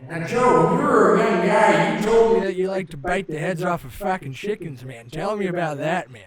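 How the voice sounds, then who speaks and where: A man co-hosting a comedy podcast, rambling in a slow, dreamy, mock-spiritual sing-song. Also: sits high. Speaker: podcast co-host. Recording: very echoey, distant mic with music behind.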